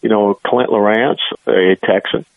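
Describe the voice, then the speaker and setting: A man's voice: fairly low pitch, steady tone, measured pace, gravelly, no room sound. A man as a radio interview guest, talking in an emphatic, earnest way over a phone line.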